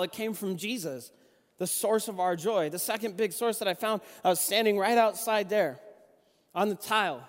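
A young adult man giving a sermon, telling conversational personal stories with lively restarts. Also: high-pitched, big-room sound. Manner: conversational, animated storytelling with restarts. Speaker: youth pastor and junior high basketball coach.

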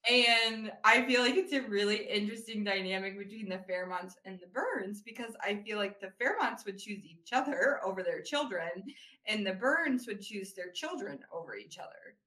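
Female podcast co-host, casual recap chat, bright voice, echoey room. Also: mid-range voice, animated, normal speed. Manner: chatty, many "like" fillers.

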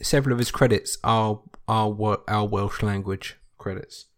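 A man's voice: on the low side, fairly even intonation, moderate pace. A man co-hosting a podcast, bantering wryly and swearing casually while recapping a sitcom. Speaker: podcast co-host.

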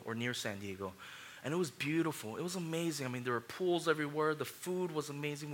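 A pastor in his thirties preaching with a high, bright, ringing voice. He tells personal stories, rising into loud, lively passages and dropping into quiet, heartfelt ones. His delivery is animated and earnest throughout. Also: a little hiss or hum. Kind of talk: sermon.

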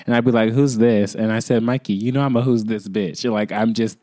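A young man hosting a podcast, telling a rambling casual story full of fillers, in quick bursts. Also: medium pitch, fairly even intonation, warm tone, no room sound, clean studio sound. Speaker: podcast host.

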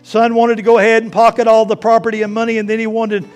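A man preaching a sermon as pastor, swinging from hushed, slow lines to loud, fervent ones. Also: high voice, completely flat delivery. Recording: faint guitar music behind. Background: soft guitar playing.

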